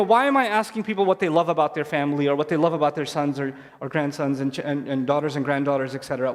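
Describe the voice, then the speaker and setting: A man giving an earnest, conversational Islamic talk on stage to families, repeating key phrases for emphasis. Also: high voice. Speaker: Islamic speaker addressing families. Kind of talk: live lecture to an audience. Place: stage in a large hall. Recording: long hall reverb from a live event.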